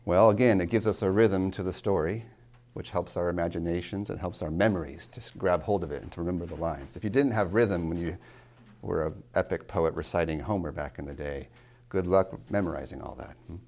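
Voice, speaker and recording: A man's voice: low-pitched, fairly quick, darkish tone. A man lecturing as a college tutor on reading poetry, asking questions and answering them himself, and tapping out rhythms aloud.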